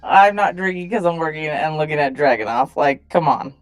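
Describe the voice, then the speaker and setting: A woman's voice: deep voice, brisk, soft background music. A woman playing a tabletop game who chats casually and teases the others. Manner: teasing, playful. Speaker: player.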